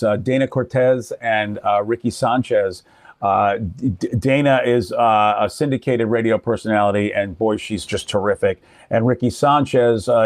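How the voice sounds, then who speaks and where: Recorded cleanly in a studio without echo, this older radio personality speaks at a medium pitch. He chats casually, telling stories with animation and performing the voices of those he quotes.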